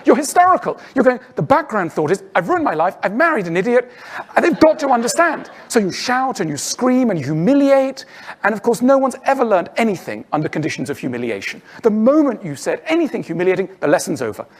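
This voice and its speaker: A man with a high, very lively voice delivers a persuasive public talk. He leans hard on key points and slips into quoted inner voices to act them out. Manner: emphatic, persuasive. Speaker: public speaker. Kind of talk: lecture-style public talk.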